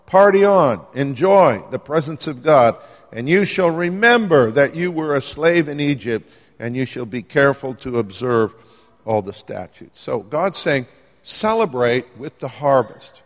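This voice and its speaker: Lively man preaching in a reverberant hall. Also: medium pitch, unhurried. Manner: lively, conversational, jokes with the audience. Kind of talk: sermon. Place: church hall with live congregation.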